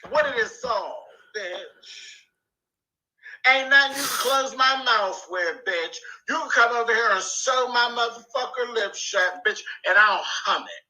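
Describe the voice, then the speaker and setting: High, bright, taunting man. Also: poor audio. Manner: taunting, profane, drawn-out insults. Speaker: YouTuber in a played clip. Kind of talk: livestream rant.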